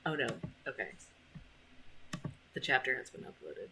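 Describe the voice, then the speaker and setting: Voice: medium pitch, sing-song, normal speed, gravelly, pauses often, bright, forceful tone, slight background noise. A young American streamer in casual, rambling live-stream chat, poking fun at themselves and laughing often, with a sore mouth after dental surgery.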